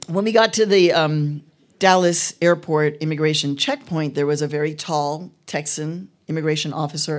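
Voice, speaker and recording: A woman in her fifties, from Mexico City and raised in Chicago, giving a keynote speech at an arts venue in a lively storytelling way, with frequent fillers. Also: sits low. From born in Mexico City, grew up in Chicago. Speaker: keynote speaker. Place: arts venue event with a live audience.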